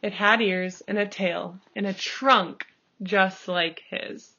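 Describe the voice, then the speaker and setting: A woman reading a picture book aloud, slow and expressive, calling out the page turns. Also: mid-range voice, slight background noise. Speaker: storybook reader. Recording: dull lo-fi recording.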